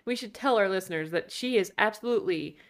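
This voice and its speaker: A woman with a mid-pitched voice chats on a podcast about a movie. She is blunt and chatty, and her talk is full of "like" and "you know". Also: fast. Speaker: podcast co-host. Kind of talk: casual movie-review chat.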